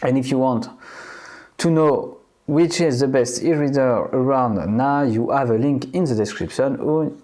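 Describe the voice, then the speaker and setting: A man with a French accent reviewing e-readers in a vlog, speaking hesitantly with many filler pauses. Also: medium pitch, mellow.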